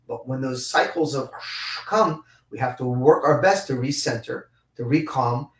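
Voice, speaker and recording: A man teaching a live-streamed Torah class, reading Hebrew passages and explaining them in English with lively, repeated restarts. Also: medium pitch, echoey room, far from the mic. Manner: animated, with many repeated restarts.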